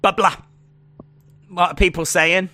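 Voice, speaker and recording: A man co-hosting a casual chat show, playful and quick to laugh and slip into silly voices. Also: high-pitched, flat delivery, sharp tone, no room sound. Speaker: co-host.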